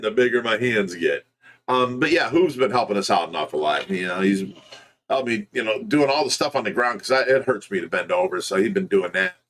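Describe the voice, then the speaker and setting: A man's voice: mid-range voice, fairly bright tone. A man co-hosting a casual livestream chat, teasing and laughing often. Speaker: co-host.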